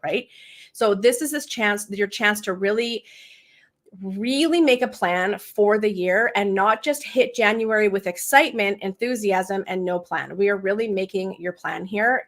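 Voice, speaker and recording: A chatty woman coach, in her thirties and from Canada, talks straight to her live viewers. Her voice sits at an ordinary middle pitch, and she keeps an upbeat, casual tone with frequent laughs. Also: fairly bright tone. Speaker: marketing and sales coach hosting a live session. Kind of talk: casual livestream talk.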